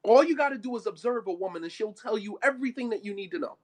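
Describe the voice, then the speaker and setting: Emphatic high-voiced man lecturing. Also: lively intonation, fast talker. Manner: emphatic, blunt, colloquial with Arabic phrases. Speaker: Islamic speaker. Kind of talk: religious lecture on marriage.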